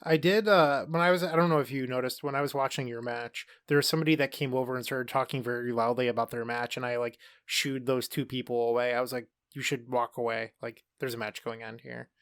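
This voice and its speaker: A man's voice: mid-range voice, fairly even intonation, quick pace, hardly any pauses, fairly bright tone, clear, resonant tone, dry recording, studio quality. A man co-hosting a podcast in easygoing, chatty conversation. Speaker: podcast co-host. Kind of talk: casual chat.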